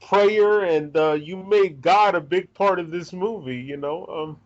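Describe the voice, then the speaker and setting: Thirtysomething guy gushing as interviewer, high voice, bit muffled. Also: measured pace. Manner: eager, gushing, outspoken. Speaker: interviewer and channel host. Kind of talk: enthusiastic fan interview.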